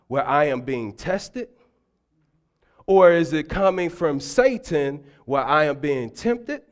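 A middle-aged man preaching a sermon in church, telling stories with humor and sudden loud bursts. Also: high voice. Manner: animated storytelling, humorous asides, loud bursts. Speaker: deacon preaching.

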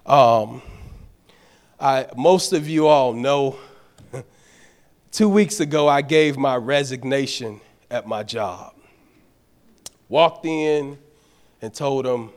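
A man preaching a fervent sermon as a deacon, repeating phrases and restarting his words. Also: fairly high pitch.

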